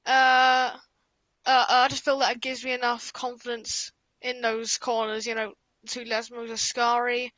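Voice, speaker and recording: A British woman with a high, bright voice speaks up as a guest on a racing stream. She sounds nervous and unsure, with plenty of "uh"s, and the recording is close and dry. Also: flat delivery, unhurried, no echo, muffled recording. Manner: nervous, hesitant, filler-heavy. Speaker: guest driver co-commentator. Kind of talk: casual race chat.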